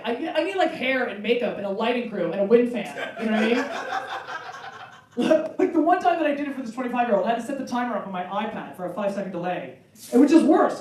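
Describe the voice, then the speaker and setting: Animated woman comic in a roomy club. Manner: animated, acts out bits in high squealing voices. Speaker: stand-up comedian. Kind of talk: stand-up comedy set. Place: comedy club stage. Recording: roomy club with loud crowd laughter, from far off.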